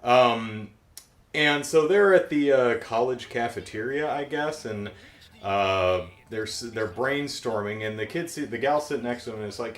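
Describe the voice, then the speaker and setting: A man's voice: medium pitch, expressive, normal speed, fairly bright tone. A middle-aged man recapping a cartoon episode in a casual, jokey, rambling way. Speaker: show recap host. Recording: roomy echo.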